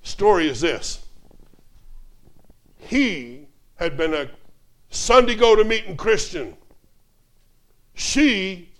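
A man preaching a sermon, telling humorous stories in an animated, joking way. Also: high-pitched, drawn-out words, pauses often. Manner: animated, joking, varies loudness a lot. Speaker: traveling preacher.

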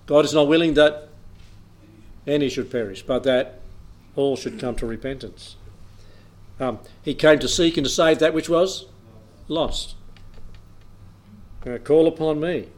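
A man preaching a Bible teaching in an easy, conversational way, reading scripture aloud and chuckling now and then. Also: medium pitch.

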